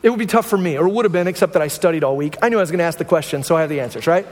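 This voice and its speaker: High-voiced man preaching in a reverberant hall. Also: rapid-fire. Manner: conversational preaching, frequent rhetorical "right?". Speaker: pastor. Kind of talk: sermon. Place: church sanctuary.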